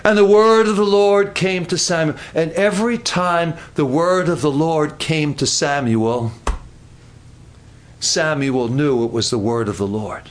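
A man preaching a sermon, telling the story in an animated way and slowing down for dramatic emphasis. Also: fairly high pitch. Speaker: pastor.

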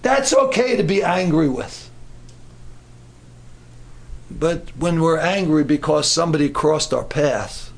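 High-voiced middle-aged guy preaching a sermon, lively, acts out voices, shouts now and then. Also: measured pace, creaky.

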